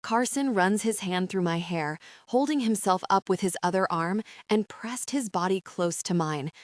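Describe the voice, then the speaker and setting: A woman narrating a first-person romance audiobook in an intimate, measured reading. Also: medium pitch, no room sound, clean studio sound.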